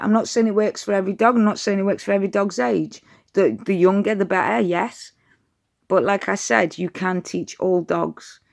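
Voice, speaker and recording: Chatty woman with gravelly voice. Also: lowish voice. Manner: chatty, direct, addresses viewers as "you lot". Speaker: dog owner giving training tips. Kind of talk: casual advice vlog.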